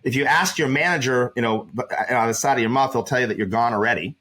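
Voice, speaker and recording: A man in a podcast conversation talks with driving emphasis, often stumbling over repeated words as he presses his point. He speaks at a middling pitch, as an advisor explaining workplace tactics. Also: fast, bright, forceful tone. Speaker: employment advisor guest.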